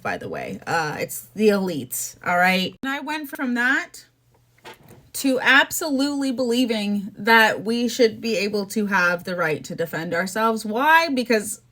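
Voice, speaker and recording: A woman's voice: fairly high pitch, a bit bright. A young woman from Canada hosting a podcast, ranting casually about politics in an exasperated, sarcastic, chatty way. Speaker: podcast host.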